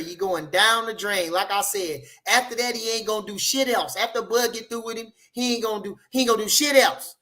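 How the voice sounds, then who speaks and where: A man hosting a live boxing talk show, reading the chat aloud and trash-talking loudly with plenty of profanity. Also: extremely high pitch.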